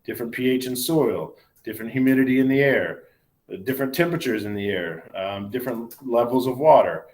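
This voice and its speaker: A man, a biology professor giving a recorded university lecture in a conversational way, often asking "right?" and correcting himself mid-sentence. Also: medium pitch. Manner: conversational, many fillers and self-corrections, asks "right?" often.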